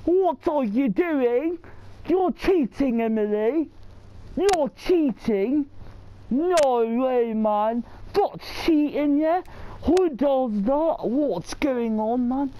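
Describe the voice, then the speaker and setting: A woman's voice: high-pitched, expressive, drawn-out words, mellow, a little hiss or hum, poor audio. A woman giving horror game commentary, exclaiming and complaining and tacking questioning tags onto her sentences. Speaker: gamer.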